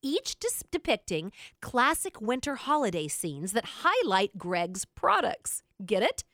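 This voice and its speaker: A woman with a Southern American accent co-hosting a radio talk show, reading news stories aloud in a teasing, animated way. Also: fairly high pitch, measured pace, no echo, clean studio sound. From Southern United States.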